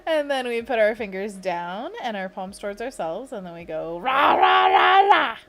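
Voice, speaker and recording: On a casual livestream, a woman chats, giggles, works out designs, and walks her viewers through a hand stretch. Her medium-pitched voice is animated and moderately paced, with crowd noise behind it.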